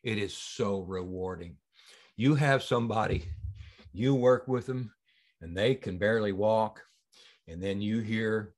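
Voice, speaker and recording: A man being interviewed as a healing practitioner on a long-form podcast, telling stories in an animated, emphatic way that swings between loud and soft. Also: on the low side, a little slow. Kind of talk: casual interview talk.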